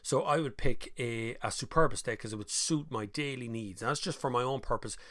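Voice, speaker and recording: A man's voice: mid-range voice, fairly quick, pushed and bright, dry recording, studio quality. A man with an Irish accent hosting a live stream, chatting casually and reading out viewer comments, with mocking voices when he quotes people.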